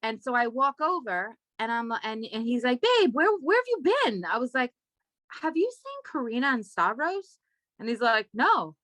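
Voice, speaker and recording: A young adult woman guest telling a wild story in casual podcast chat, animated and swearing freely, jumping up high and loud when she quotes people. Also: moderate pace, no room sound. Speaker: guest, comedy writer.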